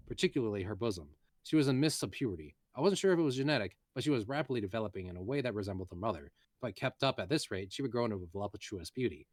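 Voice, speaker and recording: A man's voice: fairly low pitch, no room sound. A man, a voice actor, reading a light novel aloud in a casual way, with muttered asides and self-corrections.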